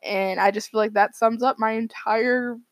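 A woman's voice: fairly high pitch, fairly even intonation, normal speed, rough recording. A teenage girl co-hosting a casual group podcast, telling stories dramatically and acting out the dialogue she quotes. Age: teens. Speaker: podcast co-host, high school student. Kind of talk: casual group chat, storytelling.

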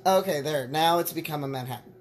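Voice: mid-range voice, quick pace, a little hiss or hum. A podcast host giving a casual, exclamation-filled reaction commentary, laughing and repeating phrases. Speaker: podcast host reacting to a short horror film.

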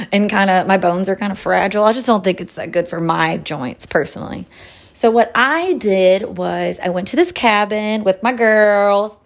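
Young woman just chatting on her podcast, super casual, swears a lot, lots of ums and little laughs, mid-range voice. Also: mid-range voice. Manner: profane, loose and candid; chatty with frequent fillers and laughs. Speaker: podcast host. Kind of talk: casual chat.

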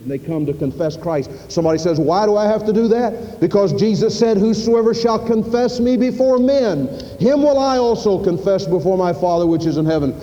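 A middle-aged man delivers a sermon from the pulpit in a fairly high voice, and the long reverb of the church hall trails after every phrase. He tells homespun stories and acts out the dialogue, jumping up in pitch for the other characters before settling back into plain preaching. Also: a little fast, few pauses, dark tone, muffled recording. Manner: folksy storytelling, acting out dialogue with sudden pitch jumps. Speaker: pastor. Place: church sanctuary.

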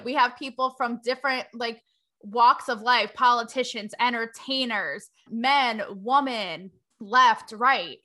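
A young woman reporter hosting her own show, talking to camera in a sarcastic, animated way and laughing between points. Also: fairly high pitch, takes it slowly. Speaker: reporter and host. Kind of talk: opinionated talk to camera.

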